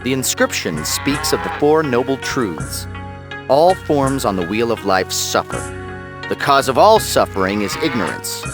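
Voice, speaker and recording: A wisecracking AI sidekick from a video game, sarcastic and playful, with a lively, swooping delivery. He takes his time over each line, and game music plays behind him. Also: mid-range voice, a little slow. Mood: explaining. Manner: sarcastic, playful, chants and sings. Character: jokey, irreverent male AI companion.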